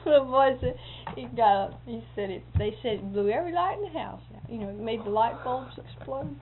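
A woman's voice: fairly high pitch, animated, unhurried. Chuckling woman telling stories over a thin line. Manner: chuckling often, acts out quoted speech. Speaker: storyteller. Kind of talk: casual anecdotal storytelling. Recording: phone-like lo-fi audio with faint hiss.

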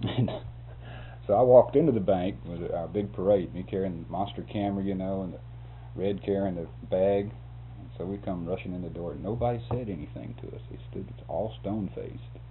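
A man's voice: low voice, fairly quick. An older man, a photographer, telling a rambling, chuckling story in an interview. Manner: chuckling, folksy, animated. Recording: tinny lo-fi tape with hum.

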